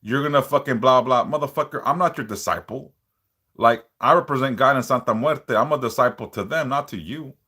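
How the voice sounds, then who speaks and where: A man talking straight to his viewers on a livestream, blunt and profane. He greets chatters and warns them in a plain, mid-pitched voice. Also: lively intonation, fairly quick, sharp tone, husky. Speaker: livestream host, spiritual worker. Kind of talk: casual livestream chat reading comments.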